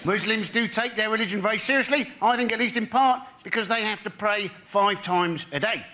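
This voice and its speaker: Dry comic with a high voice. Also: male voice, brisk, sharp tone. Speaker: comedian. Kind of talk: stand-up on a panel show.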